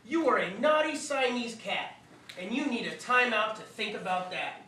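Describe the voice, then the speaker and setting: A woman reading a picture book aloud to children, unhurried, with chatty asides to her listeners. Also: a little high, animated, pushed and bright. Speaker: storybook reader. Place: room with live listeners. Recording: echoey room, reader far from mic, faint hiss.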